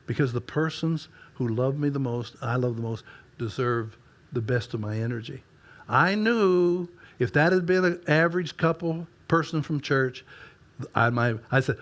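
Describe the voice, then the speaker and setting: An older male pastor tells stories from the stage in a folksy, self-deprecating way. His voice sits at an ordinary middle pitch. He mixes gentle humor into the lesson. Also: normal speed. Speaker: pastor speaking at a leadership conference. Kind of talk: storytelling sermon talk.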